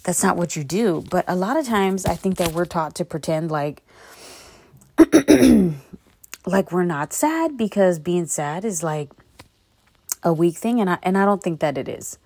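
A woman's voice: on the low side, animated, a little slow, long pauses, a little mellow, dry recording. A woman hosting her own podcast, talking in a blunt, profane, rambling way. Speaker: podcast host. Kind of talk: casual solo podcast monologue.

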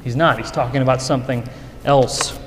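A man's voice: medium pitch, steady tone, moderate pace, a little hiss or hum. A man preaching a sermon in an earnest, conversational way, often restarting his sentences. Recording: echoey hall with long reverb.

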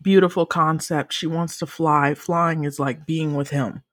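A young woman co-hosts a casual podcast, talking emphatically and swearing freely. Her voice keeps leaping up into high, excited bursts as she gets carried away. She is recorded dry and close, with no room sound. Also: a little slow, dry recording. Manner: emphatic, profane, swings into high excited exclamations. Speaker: podcast co-host. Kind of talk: casual chat.

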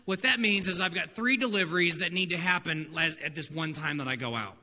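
A middle-aged male pastor giving a sermon, telling stories with energy and dropping softer for his main points. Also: a little fast, few pauses. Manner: animated storytelling with laughs and acted-out dialogue; drops soft and low for spiritual points. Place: church hall. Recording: reverberant hall, faint noise.

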